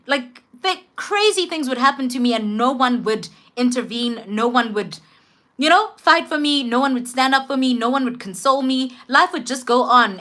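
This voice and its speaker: Bright-voiced South African woman telling a story. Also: fairly high pitch. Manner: animated, expressive storytelling. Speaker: vlogger. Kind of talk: storytime vlog.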